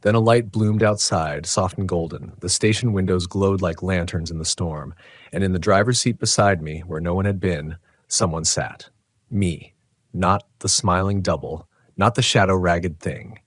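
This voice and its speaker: A man telling a first-person horror story in a tense, dramatic, measured way. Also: low voice, no echo. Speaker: narrator.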